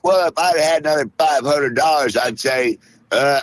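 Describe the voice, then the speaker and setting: A middle-aged man hosting a podcast, griping and rambling in profane, gruff comedic banter. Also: on the high side, normal speed, no room sound. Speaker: podcast host.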